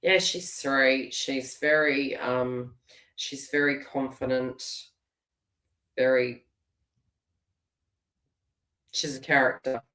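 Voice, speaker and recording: A woman's voice: very deep voice, steady tone, slow pace, pauses often, a bit bright. Chatty Australian woman in a roomy space. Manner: chatty, laughs often, repeats words as she restarts. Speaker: tarot reader. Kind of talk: live-stream tarot reading and chat. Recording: roomy echo.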